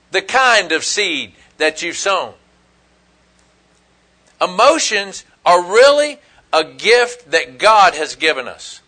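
A man's voice: high-pitched, bright, forceful tone. A man preaching a sermon in a folksy, emphatic way, full of rhetorical questions. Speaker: pastor.

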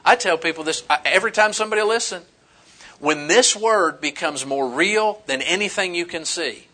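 A middle-aged male pastor preaching with a bright, slightly raised voice. He swings between scripture and homespun stories with easy humor and animated emphasis. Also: high-pitched, moderate pace. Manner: animated, folksy storytelling with humor. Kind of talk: sermon.

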